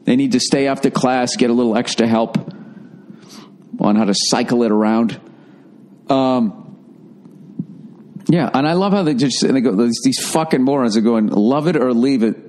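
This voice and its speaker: A man's voice: medium pitch, moderate pace, long pauses, a little mellow. A man hosting a podcast, riffing solo in a profane, rambling, sarcastic monologue. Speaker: podcast host. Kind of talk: casual comedic monologue.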